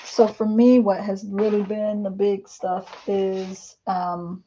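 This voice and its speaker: A woman in her fifties chatting casually on a live stream, candid and rambling, with lots of fillers, laughs and animated quoted asides. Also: medium pitch, takes it slowly, lo-fi sound, a little hiss or hum. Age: 50s. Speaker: vlogger. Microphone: live-stream camera mic.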